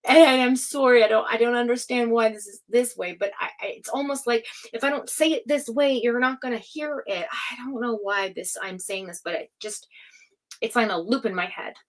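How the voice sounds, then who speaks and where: Forceful, foul-mouthed woman tarot reader. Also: fairly high pitch, normal speed. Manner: forceful, profane, scolding pep talk. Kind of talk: casual spoken tarot reading to camera.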